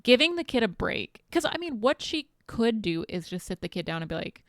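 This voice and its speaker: A woman co-hosting a chatty podcast, her voice mid-pitched with a gravelly, fried edge. She talks bluntly and frankly, laughing between points. The sound is close and dry, with no room around it. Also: very animated, a little fast, few pauses, dry recording. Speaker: podcast co-host. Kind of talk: casual podcast chat.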